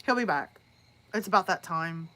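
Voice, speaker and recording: A woman who narrates horror chats casually with her live-stream audience. She tells a story in a loose, rambling way. Her voice is bright and forward. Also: on the low side, animated, normal speed. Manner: rambling, chatty storytelling with restarts.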